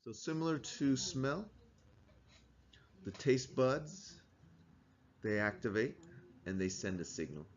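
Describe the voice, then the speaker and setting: A man's voice: medium pitch, big pitch swings, takes it slowly, pauses often, highs cut off. A man teaching a class, explaining things in a conversational way and asking the students questions. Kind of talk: classroom lecture.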